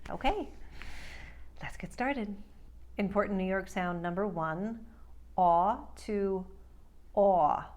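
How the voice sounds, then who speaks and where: A woman speech coach walks through accent sounds at an unhurried pace. She draws out each example word with careful enunciation, repeating vowels for comparison. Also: mid-range voice, darkish tone. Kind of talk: accent tutorial.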